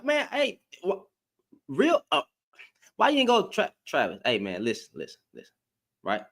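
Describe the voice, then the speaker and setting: A man's voice: high-pitched, fairly bright tone. A man giving a blunt, profane opinion rant to camera, firing off rhetorical questions as a commentary vlogger.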